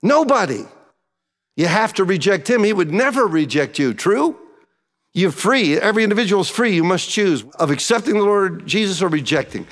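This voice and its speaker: Animated man preaching in a reverberant hall. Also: high-pitched, normal speed. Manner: animated, acts out grumbling voices. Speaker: pastor. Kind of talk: verse-by-verse sermon.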